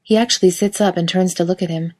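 Brief: female reader, slightly low pitch, wry lively storytelling. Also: fast. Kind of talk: reading fan fiction aloud.

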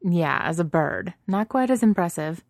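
A woman voicing a weary, teasing shapeshifting heroine with a raspy, hoarse voice, in a storybook reading. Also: on the low side, expressive, normal speed, darkish tone, no echo, studio quality.

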